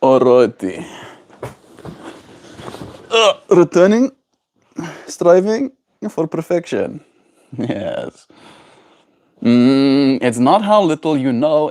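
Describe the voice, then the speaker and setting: A man streaming live, reading viewer messages aloud and answering them in a soft, reflective way. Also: mid-range voice. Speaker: daily livestreamer. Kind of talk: casual livestream chat.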